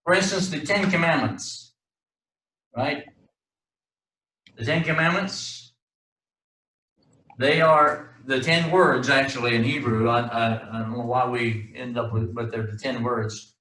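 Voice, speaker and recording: A man teaching a Hebrew class, talking in a halting way with many restarts and fillers and an occasional joke. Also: mid-range voice, sharp tone. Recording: echoey room, distant mic.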